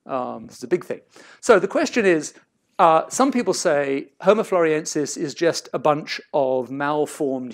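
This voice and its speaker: Middle-aged male academic, slightly high voice, seminar talk, rambling self-corrections. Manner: discursive, self-interrupting, hedged. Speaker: seminar lecturer.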